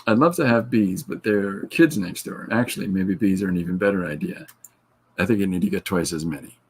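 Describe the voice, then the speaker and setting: A man's voice: deep voice, fairly quick, slight background noise. A middle-aged man hosting a podcast, chatting casually and joking while he reads viewer comments and laughs at his own retellings. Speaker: podcast host.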